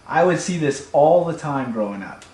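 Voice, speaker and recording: A man telling a comic personal story in an animated, playful way, recorded in an echoey room. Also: a little high, moderate pace. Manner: animated, playful, builds to shouts. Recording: echoey room, faint hum.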